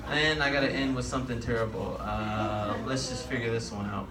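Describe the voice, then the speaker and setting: A man's voice: mid-range voice, fairly even intonation, brisk. A man doing a stand-up set, loose and chatty, laughing at his own jokes. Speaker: stand-up comedian. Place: comedy club stage. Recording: roomy club, distant mic, crowd noise.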